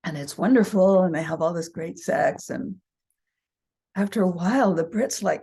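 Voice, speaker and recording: A woman's voice: lowish voice, mellow, slightly rough. A middle-aged woman teaching, reading her own booklet aloud with chatty asides and little acted-out voices. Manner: chatty, laughs at herself, acts out quick voices. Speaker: human design teacher.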